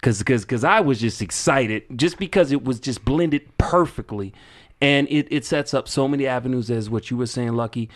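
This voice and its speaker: A man's voice: medium pitch, moderate pace. A man chatting about wrestling on a podcast with plenty of energy. He talks in a loose, casual way and keeps repeating words as he builds up to his point. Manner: excitable, repeats words when starting. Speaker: podcast co-host.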